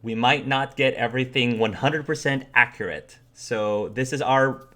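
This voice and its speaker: A man's voice: medium pitch, normal speed, bright, forceful tone. A man hosting as game master, chatting casually and giving earnest, emphatic praise to his players. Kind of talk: casual chat.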